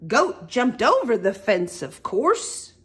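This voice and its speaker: A woman reading a picture book aloud to young children at storytime, animated, asking them questions and making the animal sounds. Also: on the high side, takes it slowly. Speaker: storytime reader.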